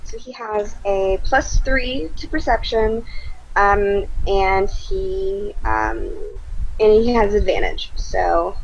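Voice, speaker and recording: A woman playing in a tabletop game, giggly and animated as she talks through her rolls. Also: mid-range voice, takes it slowly, highs cut off, a little hiss or hum. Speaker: player. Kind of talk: casual play at a tabletop game.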